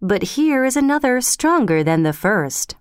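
Wicked old witch chanting spells, woman reading it, smooth clean voice. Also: on the high side, very animated, a little slow, no room sound, studio quality, voice pushed up. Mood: hushed. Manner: chanting, sing-song rhythm.

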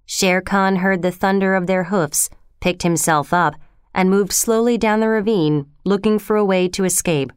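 A woman narrating a children's adventure story in a steady, expressive way. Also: mid-range voice, normal speed, clear, resonant tone, no room sound, clean studio sound. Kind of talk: scripted narration.

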